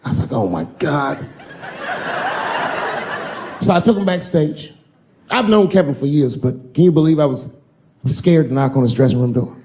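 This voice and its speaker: A man's voice: on the high side, fast, dark tone. A man in his forties doing a wry, storytelling stand-up comedy routine on stage before a live audience. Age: 40s.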